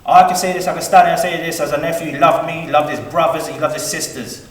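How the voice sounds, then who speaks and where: A man's voice: on the high side, a little fast. A man giving a rambling, heartfelt eulogy for his uncle, heard from a distance at a funeral service. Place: large hall at a funeral service. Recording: echoey hall, heard from afar, faint room noise.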